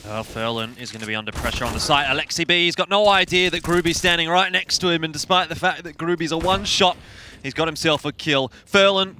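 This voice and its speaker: A man commentating an esports match with a slightly raised, bright voice. He sounds measured and relaxed, and he slips dry humor in between rounds. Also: fairly high pitch, slight background noise. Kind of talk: analytical commentary.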